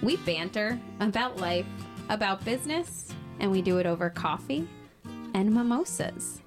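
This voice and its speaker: A woman's voice: medium pitch, animated, moderate pace, over music. A young woman co-hosting a casual podcast with her father, bantering playfully and laughing often. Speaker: podcast co-host. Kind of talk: casual chat.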